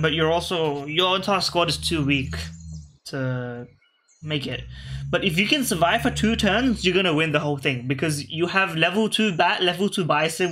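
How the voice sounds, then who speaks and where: Bright-voiced man musing over a game. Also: a little high. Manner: rambling, self-correcting, talks to his game pieces. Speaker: gaming video host. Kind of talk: casual gameplay commentary.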